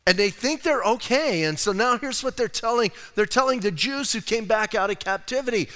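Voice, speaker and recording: A man's voice: high-pitched, expressive, brisk, hardly any pauses, a bit bright. A man preaching a sermon as pastor, in a conversational style with rhetorical asides, sometimes acting out the people he quotes. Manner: acts out quoted voices. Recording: long hall reverb.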